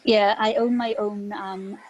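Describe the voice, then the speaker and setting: Brief: Belfast woman, young salon owner, friendly and easy-laughing, mid pitch. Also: steady tone, unhurried, lo-fi sound. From Northern Ireland. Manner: friendly, laughs easily, hesitant with ums. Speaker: salon owner asking questions.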